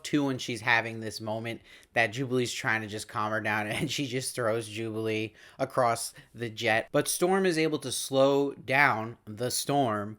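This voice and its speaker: Man, host voice, casual episode recap, eager and chatty, mid-pitched. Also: fairly bright tone. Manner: enthusiastic, retells lines with quick paraphrased quotes. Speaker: show host reviewing episodes.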